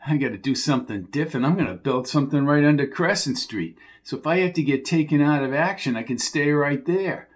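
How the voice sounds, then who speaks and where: A man voicing a pushy, streetwise male hustler who needles and talks in quick bursts. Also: fairly high pitch, lightly acted. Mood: urgent, needling.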